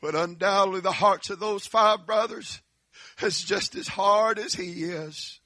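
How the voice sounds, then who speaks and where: A man preacher delivering a dramatic sermon that swings from hushed tones to shouts. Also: high-pitched, unhurried, no echo, clean studio sound.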